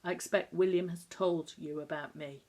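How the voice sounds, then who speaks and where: Quiet detached guy in his 30s, half whispering, bland, woman reading a storybook. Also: fairly low pitch, fairly even intonation, moderate pace, natural voice. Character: soft-spoken man in his thirties, bland and detached.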